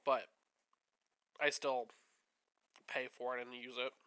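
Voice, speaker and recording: A man's voice: medium pitch, little pitch movement, slow pace, sharp tone, clear, resonant tone. A man hosting a stream, chatting in a rambling, easygoing way while he paints. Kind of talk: casual chat while painting. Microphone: streaming setup.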